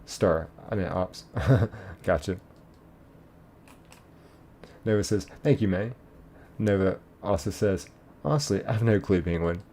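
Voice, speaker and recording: Chill guy streamer reading chat, lowish voice, faint hum behind. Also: measured pace, pauses often, mellow. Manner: laid-back, chuckling, reads messages aloud. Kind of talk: casual live-stream chat.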